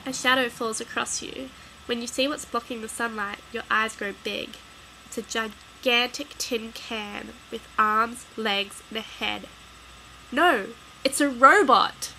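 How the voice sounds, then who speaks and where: A woman reads a children's spooky gamebook aloud in a bright, fairly high voice. She gives the lines lively emphasis as she narrates. A faint noise sits under the recording. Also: measured pace, rough recording. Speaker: storyteller.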